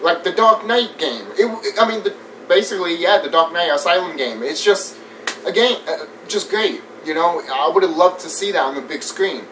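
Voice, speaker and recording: A man giving a casual, animated movie review rant. He swears often, laughs a lot and mimics scenes as he talks. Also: sits high, normal speed. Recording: distant mic with faint background noise.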